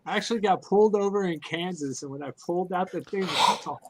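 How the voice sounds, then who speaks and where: A man on a game panel, telling a casual anecdote in an animated way. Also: high-pitched, fast, few pauses. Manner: animated storyteller.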